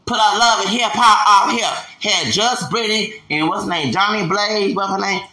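A man in his forties with a drawl rants on his podcast, emphatic and repetitive, hammering every point home. His voice sits high for a man and rings very bright and sharp. The sound bounces around an echoey room. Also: moderate pace. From Houston, Texas. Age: 40s. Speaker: podcast host. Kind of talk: ranting podcast monologue.

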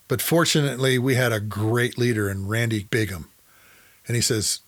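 A middle-aged man with a medium-pitched voice talks fairly quickly. Hosting a podcast, this former fighter pilot tells a first-person story from his flying career, acting out the dialogue as he goes.

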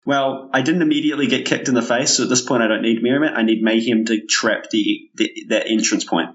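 A man playing a tabletop game, excitable and jokey, at times putting on a kid's voice. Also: brisk, muffled recording. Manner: excitable, breaks into a squeaky kid voice. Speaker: player.

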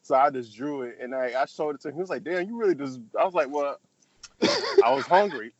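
A man's voice: mid-range voice, a little fast, darkish tone, no room sound. Young guy co-hosting, rambly, keeps restarting, kinda muffled lo-fi audio. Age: young adult. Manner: rambling storyteller, restarts and repeats words. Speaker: podcast co-host. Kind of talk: casual chat. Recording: dull lo-fi sound.

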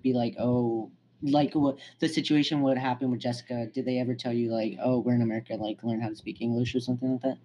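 A man's voice: medium pitch, little pitch movement, quick pace, dark tone, highs cut off, a little hiss or hum. A young man in a casual group conversation, speaking hesitantly with many fillers. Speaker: discussion participant.

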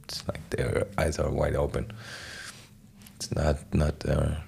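A man talking as a guest in a casual conversation, with a deep, gravelly voice, rambling in a relaxed way with many "like" fillers. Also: slow pace, a little hiss or hum.

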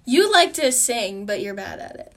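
A young woman from Wisconsin co-hosting a podcast, chatting casually with jokey quick comebacks and bursts of loud laughter. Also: on the high side, big pitch swings. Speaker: podcast co-host.

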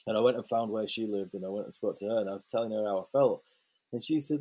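A young adult man, telling a story in casual conversation as an interview guest, lively and swearing freely, with many fillers and restarts. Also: on the low side, fast talker.

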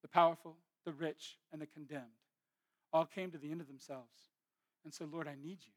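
A man preaching a sermon, swelling loud on key phrases and then dropping to soft, trailing endings. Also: fairly high pitch, fairly even intonation, moderate pace. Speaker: pastor.

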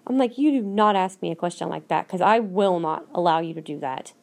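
A woman's voice: on the low side, fairly quick, gravelly, a little mellow. A woman hosting her own podcast, talking alone in a blunt, emphatic way that keeps repeating her points. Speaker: podcast host. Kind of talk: solo podcast rant. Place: lives in Minnesota.

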